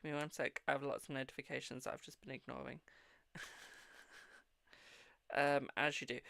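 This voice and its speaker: A man's voice: mid-range voice, level tone, normal speed, vocal fry, pauses often, pushed and bright, no echo, clean studio sound. A man hosting a live-stream psychic reading, chatting casually and affectionately calling viewers boo and darling. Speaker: psychic tarot reader and host.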